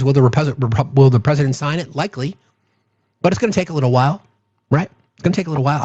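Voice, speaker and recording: A man's voice: a little high, darkish tone, dry recording, muffled recording. A man hosting a casual livestream chat, talking bluntly with the odd curse word. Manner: blunt, profane, conversational. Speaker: host.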